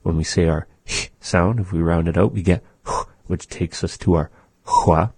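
Patient male language teacher, husky and dry, sounds things out. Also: deep voice, a little mellow, dry recording. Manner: slow, patient, demonstrates sounds aloud. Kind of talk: radio language lesson.

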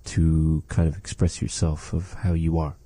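A man teaching a language lesson, patiently saying phrases slowly and repeating them for practice. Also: rumbling low, level tone, warm tone, husky, no echo.

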